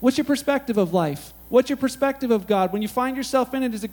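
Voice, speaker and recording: High-voiced casual preacher. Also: male voice, fast, hardly any pauses. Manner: casual, conversational, asks the audience questions. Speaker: pastor. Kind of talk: sermon.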